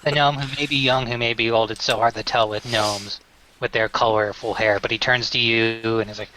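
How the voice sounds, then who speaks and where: A man's voice: medium pitch, little pitch movement, a little fast, noisy background. A man narrating as game master of a tabletop game, rambling with many fillers and restarts.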